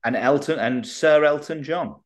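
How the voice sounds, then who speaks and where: A man's voice: on the high side, normal speed. A man co-hosting a casual comedy podcast, telling tall tales and laughing often. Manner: giggly storyteller, laughs often. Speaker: podcast co-host.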